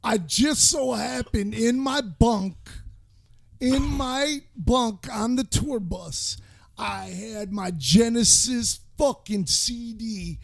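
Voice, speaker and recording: A man's voice: sits high, creaky. A man co-hosting a podcast, telling a rambling, profane road story full of fillers and restarts. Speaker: podcast co-host. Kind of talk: casual storytelling chat.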